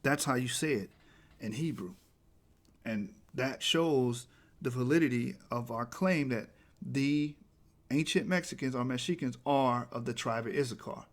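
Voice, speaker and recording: A man's voice: medium pitch, a little slow. Emphatic man lecturing over slides. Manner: emphatic, rising to forceful peaks; reads quotes aloud, restarts words. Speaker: presenter.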